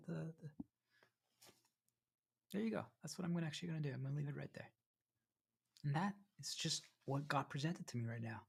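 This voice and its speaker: A man's voice: a little high, fairly quick, creaky, long pauses, slightly rough. A man livestreaming from home, talking in a rambling, self-interrupting way and repeatedly addressing his viewers as "you guys," sometimes with his mouth full. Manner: eating while talking at times. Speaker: live streamer. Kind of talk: rambling livestream monologue to chat.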